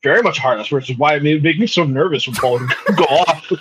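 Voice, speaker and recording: A man's voice: a little high, fast, a bit bright, a little hiss or hum, rough recording. A young man co-hosting a podcast, telling stories casually, swearing and laughing. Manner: laid-back storyteller, swears, laughs. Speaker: podcast co-host. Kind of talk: casual chat.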